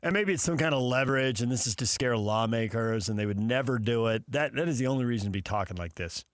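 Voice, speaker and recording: A man's voice: medium pitch, fast, no echo, clean studio sound. A man hosting a sports talk show, riffing casually with sarcastic asides and mock dialogues.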